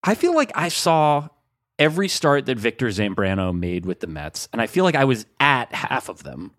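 Rambling podcast host, lots of 'like'. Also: male voice, mid-range voice, very animated, normal speed, a bit bright, dry recording, studio quality. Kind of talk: casual chat.

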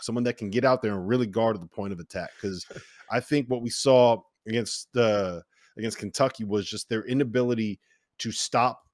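A man's voice: on the low side, dry recording, clean studio sound. A man hosting a sports talk show who steers the chat and argues his points emphatically. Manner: emphatic, imaginative storytelling. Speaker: podcast host. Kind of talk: casual sports banter.

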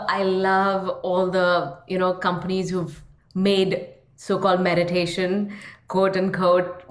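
Slow, calm woman breathing coach. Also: lowish voice, roomy sound. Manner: slow, calm counting aloud. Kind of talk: guided breathing exercise.

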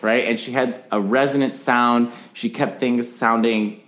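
A man's voice: mid-range voice, fairly even intonation, measured pace, a bit bright. A man as a podcast guest in casual chat, animatedly explaining singing technique and breaking into sung examples.

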